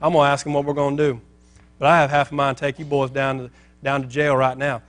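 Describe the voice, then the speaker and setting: A man's voice: mid-range voice, level tone, fast talker, a bit bright, faint music behind, close to an everyday voice. A man voicing an angry small-town policeman who speaks sternly and scolds.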